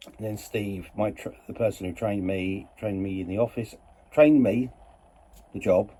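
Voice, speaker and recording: Guy rambling about his week and his train set, mellow voice, keeps correcting himself. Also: fairly low pitch, breathy edge. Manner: chatty, meandering, self-correcting. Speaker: model railway hobbyist vlogger. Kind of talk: casual rambling storytelling.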